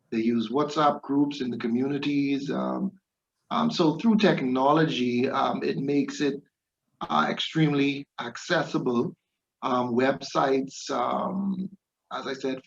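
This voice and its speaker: A man's voice: mid-range voice, vocal fry, lo-fi sound. A man speaking for the police on a panel, hesitant and full of fillers. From Bahamas. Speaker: police representative. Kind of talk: panel discussion.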